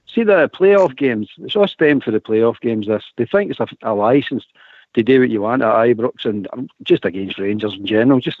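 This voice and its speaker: A Scottish man rants about his team's treatment on a fan radio phone-in, his voice swinging lively and animated. The sound is dry and squeezed thin, as if through a telephone line. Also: mid-range voice, no room sound. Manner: indignant, animated football fan. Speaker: radio co-host.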